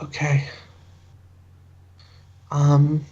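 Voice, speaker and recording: A man's voice: a little high, completely flat delivery, mellow. A man playing a tabletop role-playing game, talking playfully and hesitantly. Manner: playful, hesitant, drawn-out speech. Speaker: player. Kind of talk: casual tabletop role-play. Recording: dull lo-fi mic.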